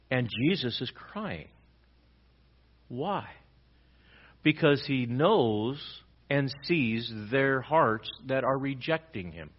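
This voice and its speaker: A male pastor preaches with a voice of ordinary pitch. He punches some lines loudly, then drops low and quiet on others. The recording sounds dull and slightly lo-fi. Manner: dramatic swings between loud emphatic lines and quiet low ones. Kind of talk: sermon.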